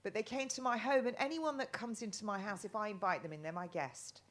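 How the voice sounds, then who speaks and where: A woman's voice: medium pitch, fairly quick. A middle-aged woman from England talking as a guest in a casual live chat, rambling with many restarts and ums.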